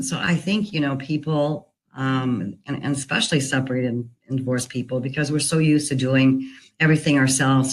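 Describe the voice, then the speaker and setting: A woman working as a divorce recovery coach talks through a personal story in an earnest, unhurried way. Her delivery is conversational and reflective, with plenty of "you know" fillers. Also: very deep voice, low-quality recording.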